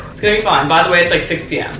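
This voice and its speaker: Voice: medium pitch, fast talker, bright, forceful tone. A young adult vlogger talking casually to camera, nervous and rambling, with lots of swearing. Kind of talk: casual vlog monologue. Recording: roomy echo, faint music.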